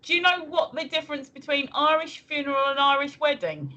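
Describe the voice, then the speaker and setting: A woman's voice: sits high, animated, brisk, bright, forceful tone, dull audio. A woman co-hosting a livestream in casual chat, chatty and giggly, reading viewer messages aloud. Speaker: co-host of a livestream.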